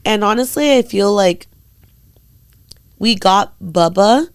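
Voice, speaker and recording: A young woman co-hosting a chatty podcast, telling a story with lots of energy. She swears freely and slips into the voices of the people she quotes. Her voice sits at a middle pitch, recorded close and dry with almost no room sound. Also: expressive, slow pace, smooth, dry recording. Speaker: podcast co-host. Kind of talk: casual storytelling chat.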